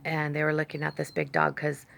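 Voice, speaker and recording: Gravelly low-voiced woman rambling. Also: monotone, brisk, a bit bright. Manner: chatty, rambling, talks to her dogs. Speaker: vlogger. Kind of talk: casual rambling storytelling. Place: outdoors with her dogs. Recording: faint background noise.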